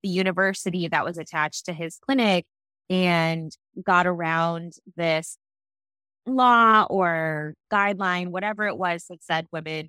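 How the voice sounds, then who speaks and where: A woman in her late thirties with a lowish voice tells a personal story candidly and reflectively. She sounds close to the mic, in a dry room with no echo, and comes alive when she voices other people. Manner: earnest, reflective, lively when quoting others.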